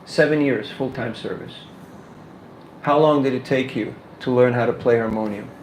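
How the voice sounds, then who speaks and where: A man giving a casual workshop talk on book distribution, animated and full of rhetorical questions, laughing now and then. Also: mid-range voice, moderate pace, reverberant, a little hiss or hum, poor audio.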